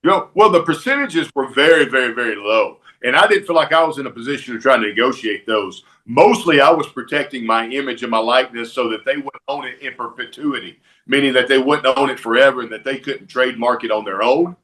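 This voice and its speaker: A man from Alabama with a Southern accent, a podcast guest telling animated anecdotes in casual chat. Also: mid-range voice, a little fast, hardly any pauses. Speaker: podcast guest, former wrestler.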